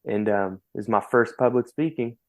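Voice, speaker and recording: Man, podcast guest, mid-pitched voice, earnest testimony, animated storytelling. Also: moderate pace. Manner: earnest, animated retelling with repeated words.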